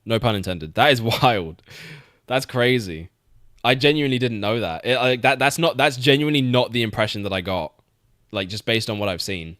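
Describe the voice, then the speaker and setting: A man's voice: mid-range voice, normal speed, fairly bright tone, dry recording, studio quality. A young man streaming, chatting casually about games, swearing freely and laughing often. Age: young adult. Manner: laid-back, swears, laughs often, repeats words.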